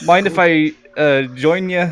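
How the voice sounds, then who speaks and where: A man voicing a friendly, rambling middle-aged Irish sailor in a put-on Irish accent during a tabletop game, pausing often with "uh". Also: fairly high pitch, lightly acted. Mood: chummy. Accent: put-on Irish, heard by others as Canadian. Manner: hesitant, full of "uh" pauses. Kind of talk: tabletop role-play voice.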